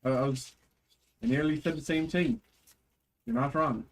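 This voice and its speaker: A man hosting a live stream card break, reading off card names in quick lists and chatting with his viewers. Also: fairly high pitch, slight background noise. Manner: chatty with chat viewers, thanks buyers. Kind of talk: live stream pack opening.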